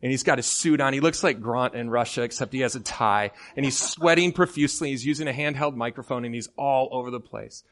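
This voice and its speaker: A middle-aged man from Michigan with an American accent, preaching a sermon in an animated, jokey way that swings from soft asides to loud outbursts. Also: mid-range voice, a little fast, few pauses. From Michigan, United States. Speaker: guest preacher.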